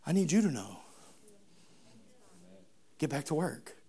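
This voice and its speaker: A preacher voicing Jesus as a patient, gentle man who speaks softly and conversationally. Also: a little high, big pitch swings, slow, breathy edge, voice pushed down, full character voice.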